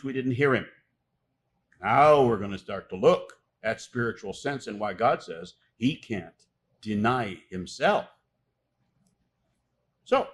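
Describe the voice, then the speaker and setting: A man preaching a sermon, reading scripture aloud and pressing key words with loud, emphatic stress. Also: medium pitch. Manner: reads scripture aloud with pauses.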